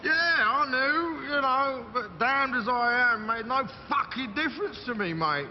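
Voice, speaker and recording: An actor playing a volatile, swaggering middle-aged London gangster with a gruff, profane, rambling manner and a London accent. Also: male voice, very high-pitched, expressive, unhurried, big-room sound, muffled recording, noisy background. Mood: furious. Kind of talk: TV crime drama acting.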